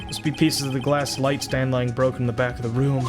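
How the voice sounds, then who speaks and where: A man's voice: medium pitch, level tone, fairly quick. A man live-streaming a video game, reading the dialogue and narration aloud in his own voice. He adds blunt, crude remarks between lines, with game music playing under him. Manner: reads game text aloud with crude asides. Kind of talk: live gameplay reading and commentary.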